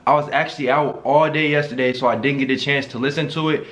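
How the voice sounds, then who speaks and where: A man giving casual reaction commentary, animated, slangy and joking. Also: medium pitch, fast. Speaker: YouTuber reacting to a video.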